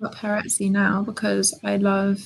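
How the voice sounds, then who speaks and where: A woman chatting casually on a live stream with friends, relaxed and quick to chime in. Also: medium pitch, gravelly, low-quality recording. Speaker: guest booktuber.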